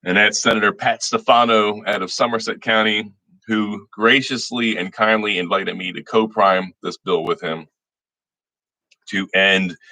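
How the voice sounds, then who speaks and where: Low-voiced man chatting on a livestream. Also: bright, forceful tone, no echo. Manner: folksy, reads viewer names aloud, frequent restarts. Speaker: state senator hosting a livestream. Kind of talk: casual livestream chat greeting viewers.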